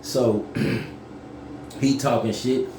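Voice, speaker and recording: A man telling a story casually to camera, profane and animated, yelling when he acts things out. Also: mid-range voice, very slow, roomy sound, slight background noise.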